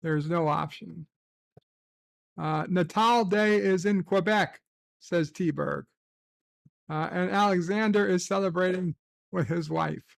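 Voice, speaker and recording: Running a casual livestream, a man goes through the day's holidays and chat messages, tossing in crude, sarcastic asides and profane rants. He has a high-pitched, gravelly voice, takes it slowly, pauses often, and there's no room sound.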